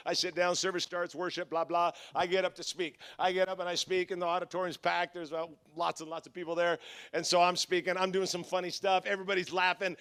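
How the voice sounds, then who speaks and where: Male pastor, high voice, animated conference sermon storyteller who acts out the voices.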